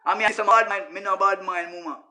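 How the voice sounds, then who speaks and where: Man, Jamaican accent, patois, high pitch, casual ranting monologue, emphatic, repetitive. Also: steady tone, fast talker, bright, forceful tone. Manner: emphatic, repetitive, addresses listeners as brother. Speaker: social media personality.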